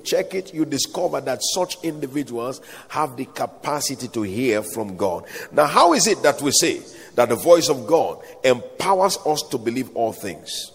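A man's voice: on the high side, expressive, normal speed, creaky, hardly any pauses, a little hiss or hum. A man preaching a sermon, reciting scripture and calling the congregation to answer back. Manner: dramatic, call-and-response preaching with scripture recitation. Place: large hall or outdoor gathering. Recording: echoey hall reverb.

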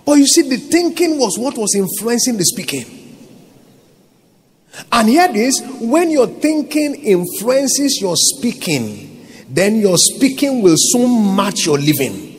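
A man with a Nigerian accent, a pastor preaching a sermon with call-and-response questions and swelling to shouts. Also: very high-pitched, big pitch swings, slow, breathy edge.

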